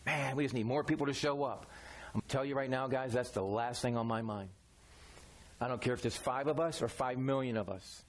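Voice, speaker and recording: A man's voice: mid-range voice, a little fast. A man preaching a sermon in a folksy, conversational way, using everyday examples. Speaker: pastor.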